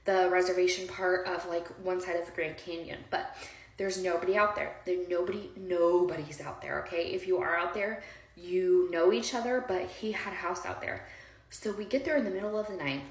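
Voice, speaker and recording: Her voice is lowish and fairly even in intonation, moving at a moderate pace as she shares a personal story with viewers. The woman rambles heartfeltly, with many fillers and direct asides, in a recording with roomy echo.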